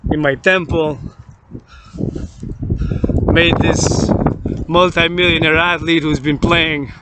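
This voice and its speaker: Vlogger, male, somewhat high voice, rambling and repetitive monologue, recorded outside with heavy traffic noise. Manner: repetitive, lists things over and over. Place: outdoors near a street with passing vehicles. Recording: loud traffic noise outdoors.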